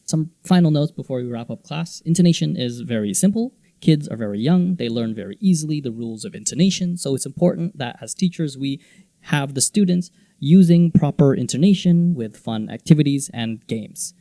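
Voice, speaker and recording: A man's voice: a little high, expressive, fairly quick, dark tone, no room sound. A man who teaches English, explaining teaching methods in an earnest instructional video, now and then acting out exaggerated example lines. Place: teaches in Japan.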